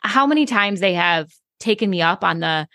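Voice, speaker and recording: A woman's voice: mid-range voice, lively intonation, normal speed, a bit bright, dry recording, clean studio sound. A woman hairstylist co-hosting a casual chat, agreeable and emphatic. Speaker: podcast co-host, hairstylist.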